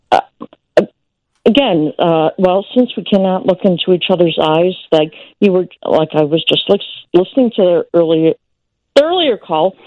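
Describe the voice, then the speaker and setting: A woman's voice: fairly low pitch, darkish tone, no echo. A woman calling into a radio show, hesitant and searching for her words. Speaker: caller. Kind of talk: radio call-in question. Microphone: phone. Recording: dull dry phone audio.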